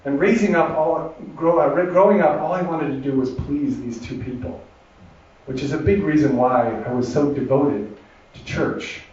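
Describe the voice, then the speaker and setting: Man, stand-up storyteller, self-deprecating, chatty, slightly high voice, echoey hall, distant, muffled sound. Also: darkish tone. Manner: self-deprecating, chatty, with restarts and quick asides. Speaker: comedian performing a solo show. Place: theater stage before a laughing audience. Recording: distant, roomy, dull live recording.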